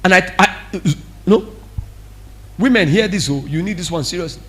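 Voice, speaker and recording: High, lively man preaching. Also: moderate pace. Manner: animated, acts out quoted speech. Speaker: pastor. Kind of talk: sermon.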